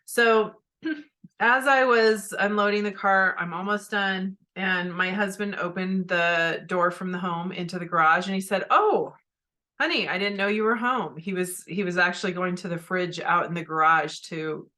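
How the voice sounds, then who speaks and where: A woman's voice: fairly low pitch, fairly even intonation, normal speed, bright, forceful tone. A middle-aged woman hosting a podcast, candidly telling a personal story and then coaching her listeners directly. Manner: candid, speaks straight to listeners. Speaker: podcast host.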